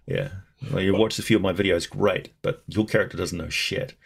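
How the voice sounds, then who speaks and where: A man's voice: low voice, a little fast, creaky, slightly rough. A man who makes videos, chatting casually in a rambling, thoughtful way full of fillers and restarts. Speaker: video creator. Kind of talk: casual chat.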